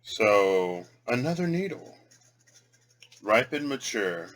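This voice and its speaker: A man's voice: sits low, takes it slowly, a bit bright, poor audio. A man thinking aloud as he pulls and reads cards, muttering and repeating words as he tries pronunciations. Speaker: tarot and rune reader. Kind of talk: casual reading vlog, thinking aloud.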